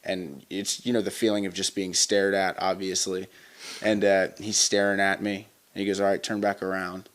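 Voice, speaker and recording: A man's voice: sits low, flat delivery, normal speed, fairly bright tone. A man in his twenties, a wrestler being interviewed, telling stories casually with lots of fillers and restarts. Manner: rambling, many fillers and restarts. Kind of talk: casual storytelling.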